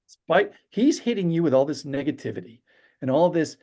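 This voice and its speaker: A man telling stories as a podcast interview guest, animated and acting out the people he quotes. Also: a little high, brisk. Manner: animated storyteller, acts out quotes. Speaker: storyteller guest. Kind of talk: casual interview chat.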